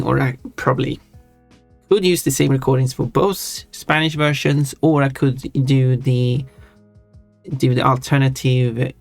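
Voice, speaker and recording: A man's voice: medium pitch, no room sound. A man livestreaming while he draws, chatting casually and thinking aloud, often stopping to correct himself mid-sentence. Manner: rambling, thinking aloud with frequent self-corrections. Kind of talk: casual chat while drawing on stream.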